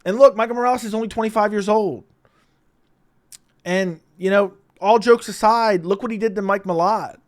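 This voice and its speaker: A man casually breaking down fight predictions, blunt and profane, laughing often and swinging between loud bursts and quiet asides. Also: high voice, normal speed. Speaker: MMA predictions commentator.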